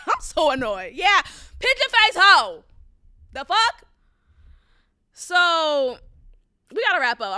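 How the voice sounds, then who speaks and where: A woman hosting a podcast, telling a story in a casual, animated and profane rant. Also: sits high, no room sound, studio quality. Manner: animated, profane, emphatic ranting. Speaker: podcast host.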